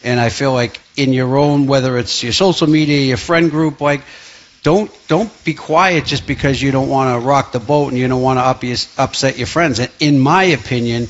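A man's voice: medium pitch, normal speed, muffled recording. A man, a musician guest on a radio show, talking passionately with many restarts and fillers. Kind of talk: radio interview.

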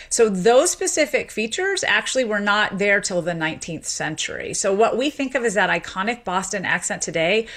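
Chatty woman academic explaining. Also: medium pitch. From Memphis, Tennessee. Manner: explanatory, lively, many fillers. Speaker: sociolinguist guest. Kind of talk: interview answers.

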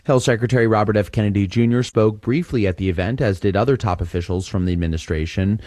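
A male correspondent gives a calm, level news report in a lowish voice. The sound is dry and close, with no room around it. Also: quick pace, no echo.

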